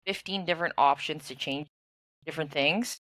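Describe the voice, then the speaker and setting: A woman's voice: low-pitched, moderate pace, fairly bright tone, no room sound. A young woman co-hosting a podcast, rambling casually and full of "like". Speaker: podcast co-host and streamer. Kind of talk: casual chat.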